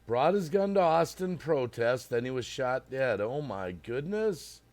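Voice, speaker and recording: Animated man chatting on a livestream. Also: medium pitch, measured pace, dry recording. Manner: greets viewers and reads chat aloud; rambling, thinks out loud. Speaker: livestream host. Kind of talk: casual livestream chat.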